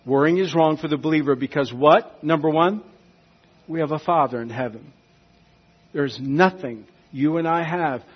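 A husky man delivers an emphatic sermon in a somewhat high voice. He swings from quiet, intimate lines to loud appeals. The recording sounds dull and lo-fi. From United States. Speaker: preacher.

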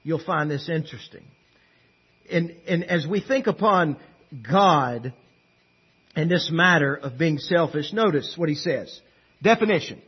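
A man preaching a sermon as pastor, emphatic and swinging between hushed passages and loud declarations. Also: fairly high pitch, measured pace, long pauses, breathy edge, muffled recording.

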